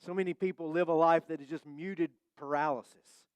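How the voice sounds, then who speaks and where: A male pastor preaching a sermon in a church, conversational and humorous, slowing down to stress key phrases. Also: a little high, fairly even intonation, smooth, no echo. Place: church sanctuary.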